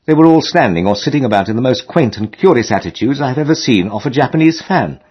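A man narrating a comic novel in a lively, expressive way with dry humor, in a dull lo-fi recording. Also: mid-range voice, quick pace, breathy edge. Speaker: audiobook narrator.

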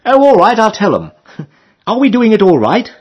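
A man's voice: wildly swooping pitch, moderate pace, breathy edge, muffled recording, heavily acted. Man putting on giddy, flustered young women. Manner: high, breathless, bewildered questions.

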